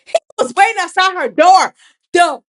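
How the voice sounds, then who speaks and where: Her pitch sits extremely high, though her pace is normal. The woman hosts a relaxed TV recap podcast with plenty of animation, voicing the characters' lines as she goes.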